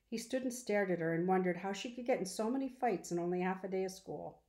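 A woman reading a children's novel aloud in a calm, measured storytelling voice. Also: mid-range voice. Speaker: audiobook reader. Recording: roomy echo.

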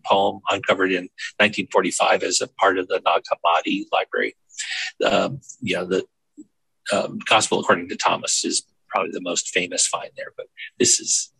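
An older man, a Zen teacher and minister, giving a measured, contemplative spiritual reading with frequent fillers. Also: fairly low pitch, gravelly, sharp tone, husky, no room sound, poor audio.

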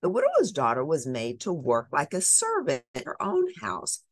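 Low, lively woman reading a storybook. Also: moderate pace, dry recording. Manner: expressive, animated storytelling. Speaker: storybook reader. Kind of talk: reading a picture book aloud.

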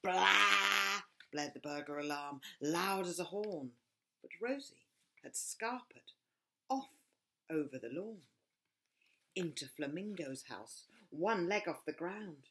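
A woman reading an animated children's storybook. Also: low voice, slow, slight background noise. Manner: expressive, swings between hushed whispers and loud cries. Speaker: author reading her picture book. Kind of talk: storybook read-aloud for children.

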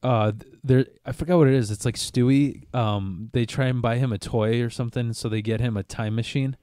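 A man's voice: mid-range voice, steady tone, brisk, warm tone, no room sound. A man talks loosely on a podcast, swearing and chuckling through crude stories. His voice sits in the middle range and is recorded dry and close. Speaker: podcast co-host. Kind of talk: casual podcast chat.

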